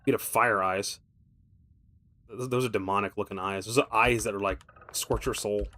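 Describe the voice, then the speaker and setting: A man's voice: fairly low pitch, steady tone, normal speed, bright, forceful tone. A man streaming a game, thinking aloud with casual commentary that rambles, swears freely and slips in wry, self-mocking asides.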